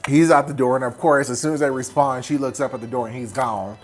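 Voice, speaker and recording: A slightly drunk man tears through a horror movie plot in a loose, profane comedy recap, his voice sitting at an ordinary middle pitch. He keeps breaking into quick character impressions. Faint music plays underneath. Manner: animated, profane, mimics characters in quick bits. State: tipsy from wine. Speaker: host.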